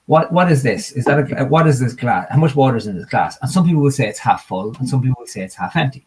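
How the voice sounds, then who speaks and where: Fast-talking husky man. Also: medium pitch. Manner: animated storyteller, tells parables with acted villager voices. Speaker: guest coach. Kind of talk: conversational interview.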